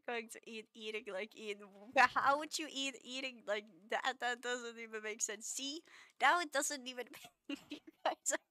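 A woman's voice: a little high, a little slow, sharp tone, no echo. A woman streamer chatting casually with her viewers, laughing often and playfully scolding them.

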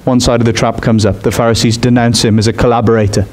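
A man preaches a sermon expressively and fast, climbing high in pitch whenever he hits an emphatic point.

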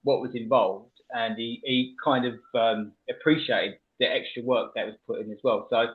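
A man hosting a casual radio show, telling stories with animated energy and frequent laughter. He stumbles and restarts as he talks. The audio is slightly muffled and lo-fi. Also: medium pitch, normal speed. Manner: animated storyteller, laughs often, restarts mid-sentence.

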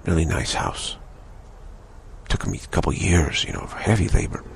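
Gravelly deep-voiced male spiritual teacher. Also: animated, normal speed, slight background noise. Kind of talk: spiritual talk.

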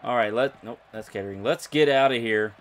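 A young man commentating his own video game playthrough, excitable and jokey, talking to his viewers. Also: mid-range voice, fairly quick. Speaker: gaming YouTuber. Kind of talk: let's play commentary.

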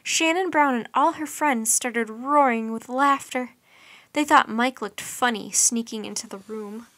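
A woman reads a children's bedtime storybook aloud, lively and expressive. Her voice is bright and sits a little high. The sound is dry and close. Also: unhurried, no echo.

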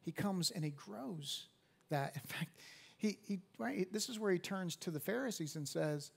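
A man in his fifties, a pastor preaching a sermon in a church, swinging from hushed to loud emphatic peaks and repeating words as he restarts. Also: high voice, animated, normal speed, gravelly, husky. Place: church sanctuary at a live service.

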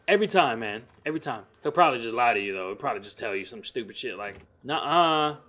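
A man's voice: mid-range voice, racing, a bit bright. A man giving rambling, profane commentary over a life-simulation game, often mocking its characters. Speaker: gamer. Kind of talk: profane Let's Play commentary.

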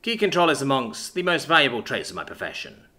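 A man's voice: medium pitch, big pitch swings, fast, sharp tone. A man voicing a tired young man who answers in a deferential, guarded way. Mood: wary. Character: tired young man hiding fear, polite and wary.

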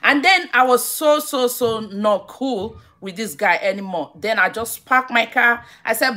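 A Nigerian woman chats through a live-stream story in a fairly high, bright and forceful voice. She talks animatedly, doubling back on her words and breaking off to greet viewers. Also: measured pace, few pauses. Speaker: vlogger.

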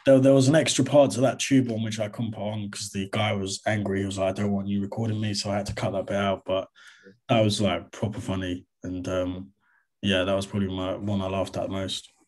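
A young man answers interview questions in a relaxed, chatty way. His voice sits on the lower side, and he keeps things casual and friendly. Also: brisk. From England. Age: 20s. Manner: relaxed and chatty, says "mate" and "to be honest". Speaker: interview guest, comedy content creator.

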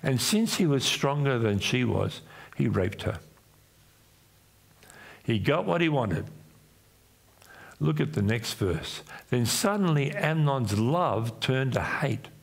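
This Australian pastor speaks slowly and animatedly during his sermon, with vocal fry and frequent pauses. He plays out different voices in his retellings, letting his pitch climb and drop.

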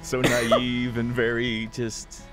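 A man's voice: mid-range voice, monotone, slow, music in the background. A man co-hosting a stream, chatting casually and thanking subscribers. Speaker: streamer co-host.

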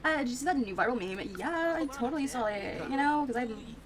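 In a high, expressive voice and at a brisk clip, a young woman streams her Sims play, chattering casually, reacting as she goes, and using many fillers. The recording is rough, with crowd noise in the background.

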